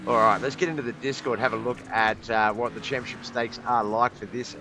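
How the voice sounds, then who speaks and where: A man hosting a live sim racing broadcast on a headset mic, scattered and apologetic, thinking out loud between notes, with the hiccups. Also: medium pitch, steady tone, brisk, gravelly, noisy background. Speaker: race commentator and stream host.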